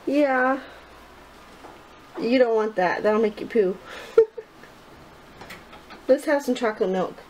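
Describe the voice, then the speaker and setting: A high-voiced woman coos at her baby in slow, sing-song baby talk, laughing easily as she goes. It sounds like a casual home vlog with clear background noise. Her unhurried pace suits a relaxed evening at home. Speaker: vlogger and mother. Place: home, indoors. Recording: noisy home video.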